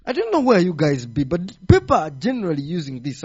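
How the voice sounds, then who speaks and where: A man preaching a teaching sermon, animated and firing rhetorical questions at the congregation. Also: a little high, brisk, hardly any pauses, breathy edge. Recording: dull lo-fi sound.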